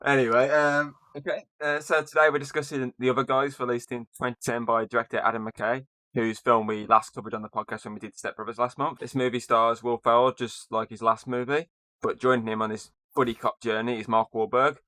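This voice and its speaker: Man, podcast host, casual chat, bright tone, dry recording. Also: medium pitch, little pitch movement, fairly quick, no echo. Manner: reads movie rundown, joking.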